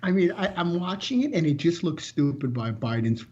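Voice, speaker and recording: A man's voice: a little high, lively intonation, normal speed, darkish tone. A man on a chat panel who keeps cutting in with incredulous remarks. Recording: dull lo-fi sound.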